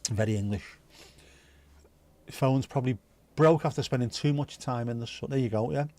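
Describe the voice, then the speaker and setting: Reading viewer comments on his stream, a man rambles casually and swears a lot. His voice sits at medium pitch with a steady, dark tone and a slightly fast pace, recorded close and dry without any room sound.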